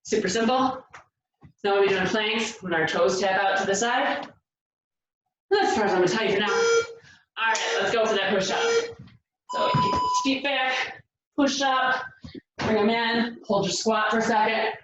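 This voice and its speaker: A woman's voice: medium pitch, moderate pace, noisy background. A woman leading a home workout who sounds out of breath as she coaches the moves and counts down the seconds. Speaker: fitness instructor. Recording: echoey room, distant mic, dull sound.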